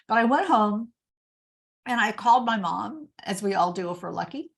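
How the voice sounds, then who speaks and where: A woman's voice: medium pitch, normal speed, vocal fry. An older woman from Indiana, speaking as an author guest in an interview. She tells her stories with energy and plays out the quoted dialogue herself. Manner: animated storyteller, acts out quoted dialogue. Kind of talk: storytelling interview.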